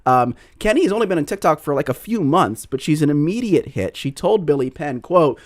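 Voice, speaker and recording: A man's voice: on the high side, lively intonation, fairly quick. A man co-hosting a public radio talk show in casual chat, with conversational asides. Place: radio studio.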